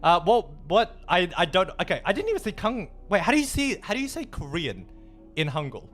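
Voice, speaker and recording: A man's voice: high-pitched, wildly swooping pitch, brisk, a bit bright, faint music behind. A man chatting casually on a livestream, swearing freely and dropping in Japanese phrases.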